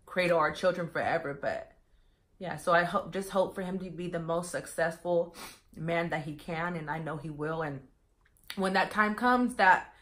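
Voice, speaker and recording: A young woman talks in a chatty, rambling way to her viewers, tossing in plenty of fillers and calling them you guys. Her voice sits on the lower side for a woman. It has the loose, unscripted feel of a get-to-know-me vlog. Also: moderate pace, fairly bright tone. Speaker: vlogger. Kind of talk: casual get-to-know-me chat.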